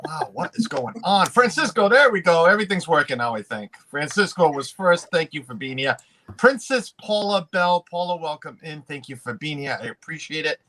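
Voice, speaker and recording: A man's voice: on the high side, animated, sharp tone. A man hosting a casual livestream, rambling with frequent restarts and laughs while greeting chat. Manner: rambling, self-interrupting, quick to laugh. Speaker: livestream host.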